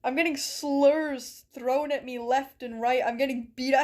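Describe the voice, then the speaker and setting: A woman's voice: sits high, steady tone, measured pace, few pauses, darkish tone. A woman streaming a game from her bedroom, chatting with viewers in a playful, mock-dramatic way. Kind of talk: live-stream chat while gaming. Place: bedroom at home.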